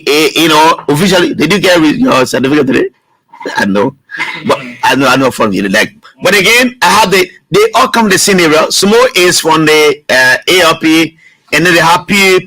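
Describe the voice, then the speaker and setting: A man's voice: high voice, sharp tone, no room sound, poor audio. A man with a Liberian English accent hosting a call-in radio talk show, arguing hard and repeating words.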